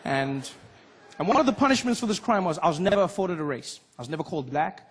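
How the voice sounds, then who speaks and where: A man from Africa, performing a lively stand-up comedy routine and acting out voices. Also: high voice, fast talker, noisy background. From South Africa. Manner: animated, acts out voices and laughs.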